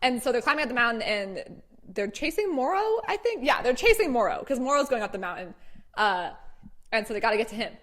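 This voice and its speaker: A young woman recapping a cartoon to a friend in casual chat, excitable and giggly, swearing casually. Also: on the high side, a little fast. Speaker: storyteller to a friend.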